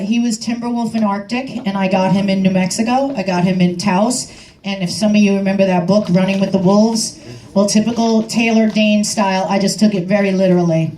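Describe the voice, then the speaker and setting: A woman singer answering audience questions in live, animated banter, laughing often as she tells her stories. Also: medium pitch, roomy sound. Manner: animated storyteller, laughs often, mimics howls. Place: radio station showroom with audience. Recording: distant mic, noisy crowded room. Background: audience chatter.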